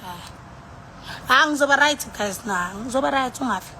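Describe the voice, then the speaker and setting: A woman's voice: high-pitched, animated, moderate pace, pushed and bright, slight background noise. A tipsy woman with a South African accent, rambling and sighing in casual live-stream chat, switching between languages as she talks into her phone. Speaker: livestreamer.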